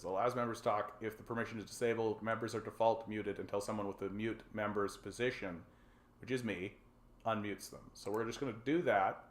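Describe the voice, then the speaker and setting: On this livestream, the Canadian host talks in a lowish, steady voice at a fairly quick clip, and the room sounds reverberant. It's a casual call-in show where he rambles, cracks jokes, curses freely and keeps restarting his sentences around lots of fillers.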